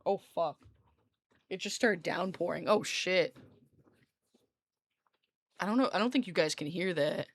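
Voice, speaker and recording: A woman with a voice on the low side speaks a little slowly and pauses often. Streaming live from a room at home by a window with a desk mic, she chats loosely with viewers, laughing frequently and swearing lightly.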